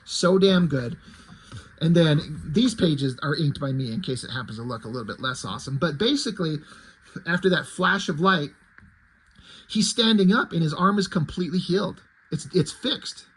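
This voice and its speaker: A man's voice: a little high, animated, normal speed, a bit bright, husky, rough recording. A man casually walking through the pages of his own fan comic, retelling it in a loose, rambling way with many self-corrections.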